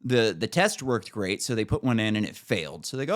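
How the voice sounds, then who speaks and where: A man's voice: fairly low pitch, big pitch swings, brisk, hardly any pauses. A man hosting a podcast, telling a story in a casual, profane, rambling way with frequent restarts. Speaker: podcast host.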